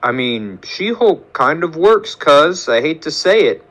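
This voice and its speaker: A man voicing a huge, gruff but protective green brute who talks low and steady. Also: unhurried.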